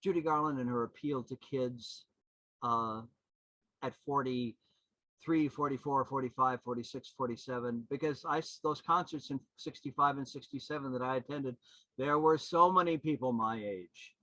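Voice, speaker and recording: A man in his seventies, a podcast guest and historian, telling anecdotes in an animated, rambling way with many restarts. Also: medium pitch, moderate pace, no room sound, low-quality recording. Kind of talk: anecdotal storytelling.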